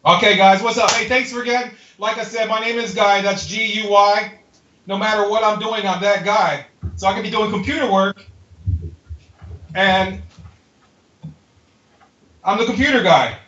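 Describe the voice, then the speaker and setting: High-voiced man doing stand-up in echoey garage. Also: normal speed, pauses often, pushed and bright, a little hiss or hum. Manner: chatty, playful, self-mocking punchlines. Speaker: stand-up comedian. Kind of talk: stand-up comedy set. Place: home garage with people standing around. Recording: echoey garage, lo-fi live stream audio.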